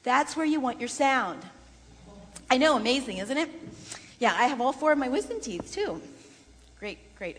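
A woman leading a voice workshop for singers in a chatty, lively way with frequent laughter. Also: sits high. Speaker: vocal coach. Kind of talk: voice workshop lesson. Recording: long reverb in a large room.

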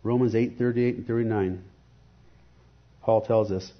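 A man's voice: on the low side, fairly even intonation, a little slow, highs cut off. A man giving an earnest, reflective devotional sermon and posing rhetorical questions.

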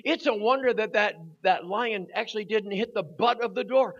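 Older man, preacher, high voice, bright tone, dull lo-fi recording, animated storytelling. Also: moderate pace. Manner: animated storyteller, voice rising to shouts at the climax. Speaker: guest preacher. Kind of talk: storytelling sermon. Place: church hall at a youth service.

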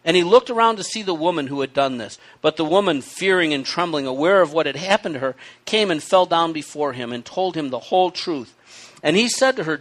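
A man preaching a sermon with hiccups, reading scripture aloud and explaining it in an animated, conversational way. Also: on the high side, brisk. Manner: animated, conversational teaching with asides. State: has the hiccups.

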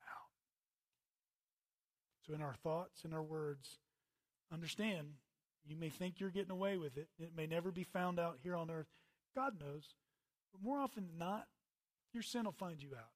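A man preaching a conversational sermon, swinging from loud emphatic bursts to quiet asides. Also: sits high. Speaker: pastor.

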